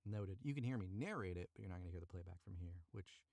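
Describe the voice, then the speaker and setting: A man's voice: low voice, expressive, fast talker, vocal fry, a little mellow, dry recording, clean studio sound. A man reading a story aloud on a live stream from a cramped booth, chatting to viewers and redoing lines he stumbles on. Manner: chatty, self-correcting, retakes lines. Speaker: voice actor narrating a story.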